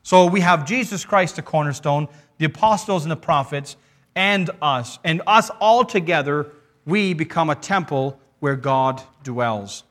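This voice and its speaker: A man preaching a sermon earnestly, reading verses aloud and pausing to restart his thoughts. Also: on the high side, fairly bright tone. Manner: earnest, with frequent restarts and pauses to read scripture.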